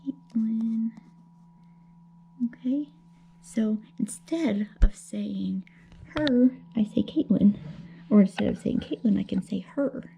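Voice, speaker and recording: Patient teacher woman with a gravelly voice. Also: medium pitch, a little hiss or hum. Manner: gentle, patient, explaining slowly with many checks like okay. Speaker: elementary school teacher. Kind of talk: remote grammar lesson for young children.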